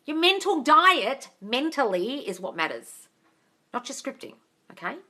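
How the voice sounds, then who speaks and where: A woman's voice: high voice, measured pace. A woman coach answering live-stream comments, blunt and sweary, calling viewers darling. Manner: bursts into loud excited cheers.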